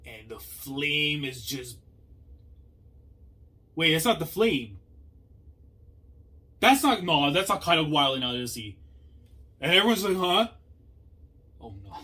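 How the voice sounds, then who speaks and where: A young man hosting a manga reaction, talking casually in slang and swinging between low muttering and loud outbursts. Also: expressive, slow, long pauses, husky.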